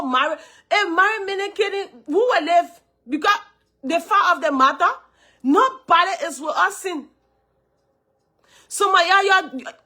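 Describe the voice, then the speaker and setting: A woman with a Liberian English accent, hoarse from a cold, hosting a live stream, greeting viewers and repeating her points emphatically. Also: very high-pitched, pushed and bright.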